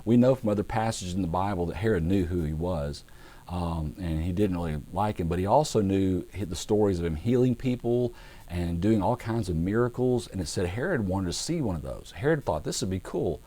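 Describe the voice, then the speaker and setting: A man, a pastor, teaching a Bible passage in a relaxed, conversational way, acting out the figures as he goes. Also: low-pitched, brisk. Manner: conversational storytelling with acted-out voices; relaxed, with fillers and restarts.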